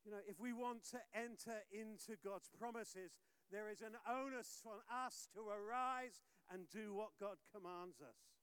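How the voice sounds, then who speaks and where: A male pastor preaches with energy, pushing some lines out loudly and dropping others to a near hush. His voice sits very high and comes across smooth and resonant. The sound is dry and close. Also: measured pace, hardly any pauses, no room sound. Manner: animated storytelling, swinging from loud exhortation to hushed. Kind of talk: sermon.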